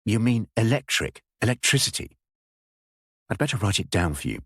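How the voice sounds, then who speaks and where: A man's voice: lowish voice, sing-song, normal speed, a bit bright, breathy edge, no echo, studio quality, exaggerated voice. A man voicing a curt, wary English village schoolteacher woman who speaks in a clipped, firm way. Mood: firm, brisk.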